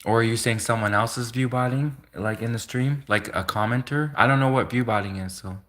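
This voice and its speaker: A man rambles through a casual live stream monologue at an ordinary mid pitch. He repeats and restarts his thoughts and keeps breaking into little chuckles as he talks to his viewers. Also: a little fast, fairly bright tone. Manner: rambling, chuckles between remarks, repeats himself.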